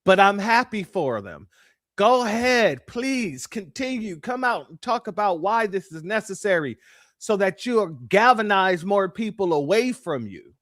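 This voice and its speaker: A man's voice: sits high, big pitch swings, moderate pace, fairly bright tone, no room sound, studio quality. A man hosting reaction commentary, talking bluntly and sardonically to his viewers. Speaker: commentary host.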